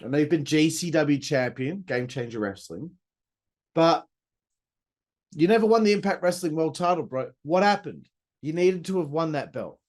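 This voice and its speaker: Chatty, excitable man recapping. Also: fairly high pitch, normal speed. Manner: chatty and enthusiastic, swears, with asides and laughs. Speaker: podcast host reviewing a wrestling show. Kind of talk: casual recap commentary.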